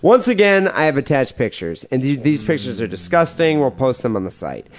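A man's voice: medium pitch, fairly quick, a little hiss or hum. A man co-hosting a podcast, reading listener emails aloud in a loose, joking way after a few beers. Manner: animated, laughing, drinking beer.

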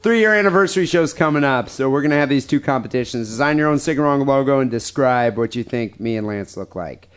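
A man's voice: mid-range voice, animated, a little fast, hardly any pauses, clear, resonant tone. Foul-mouthed guy hosting a podcast, reading out fan emails, joking around. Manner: crude, profane, laughing banter. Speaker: podcast host. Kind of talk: casual podcast chat reading listener emails.

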